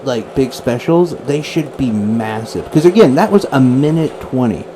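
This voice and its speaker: A male radio host in loose, rambling chat, often laughing as he goes. His pitch sits mid-range, and there is clear noise behind him in the studio. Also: expressive, normal speed, warm tone, poor audio.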